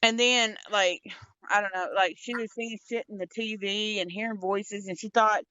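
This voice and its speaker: A woman's voice: mid-range voice, fairly even intonation, normal speed, bright, forceful tone, clean tone, no room sound, muffled recording. A young woman in casual, candid chat, blunt and rambling, swearing a lot. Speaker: podcast co-host.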